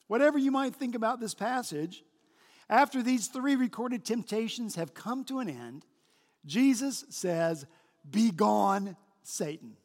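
Emphatic high-voiced male pastor, hall reverb. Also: lively intonation. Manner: emphatic preaching, slow stressed phrases. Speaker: senior pastor. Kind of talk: sermon. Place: large church sanctuary. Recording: long church hall reverb.

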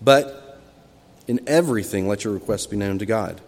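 A man's voice: on the low side, normal speed. Man preaching in a reverberant church. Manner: expressive storytelling, acting out quoted cries with sudden loud rises. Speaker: pastor. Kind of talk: sermon. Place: church sanctuary. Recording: long hall reverb from a church.

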